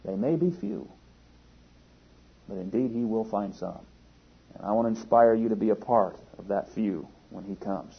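A man's voice: fairly low pitch, normal speed, long pauses, husky. A man preaching a sermon in an earnest, emphatic way, stressing key words and sometimes restarting a phrase. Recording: dull lo-fi sermon recording.

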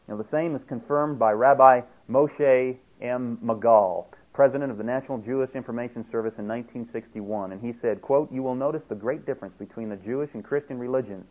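A man delivering an emphatic radio sermon, reading passages aloud and swinging between loud stress and quiet asides. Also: medium pitch, a little fast, hardly any pauses. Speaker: preacher. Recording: tinny lo-fi radio broadcast.

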